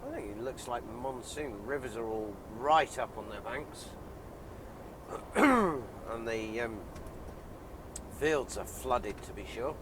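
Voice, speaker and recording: A man's voice: mid-range voice, animated, slow, pauses often, background noise. A man vlogging casually with a head cold, chatty and rambling with many ums. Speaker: lorry driver vlogger. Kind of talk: casual vlog chat. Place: lorry cab while driving, then outdoors on a hill.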